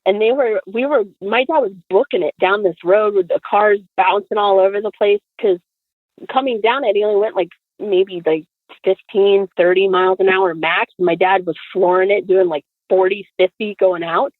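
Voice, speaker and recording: A woman guest telling a story in an animated, chatty way, full of fillers and acted-out quotes, heard over a tinny phone line. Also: mid-range voice, normal speed, no room sound. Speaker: podcast guest.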